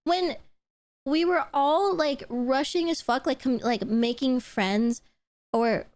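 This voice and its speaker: Speaking slowly in a high-pitched voice, a young woman streams and chats casually, bubbling with excitement, laughing often and swearing freely. There's no echo.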